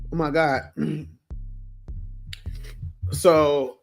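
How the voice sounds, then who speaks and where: A hoarse man, losing his voice, venting bluntly and profanely in a casual livestream rant. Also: on the high side, very slow, soft background music. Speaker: livestream host.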